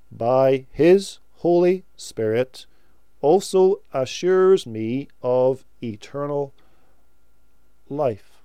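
A man preaching a sermon, slow and emphatic, pressing key words and letting phrases fall away softly. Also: mid-range voice, clean tone, no echo.

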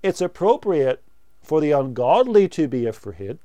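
A man preaching a sermon, slow and emphatic, pressing key words and letting phrases fall away softly. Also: fairly high pitch, sing-song, dry recording.

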